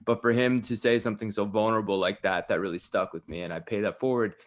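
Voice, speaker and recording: A man's voice: lowish voice, fairly even intonation, fast. A male Canadian radio host chatting with a guest, earnest and enthusiastic, often turning to speak to the listeners. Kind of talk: radio interview chat. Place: radio studio.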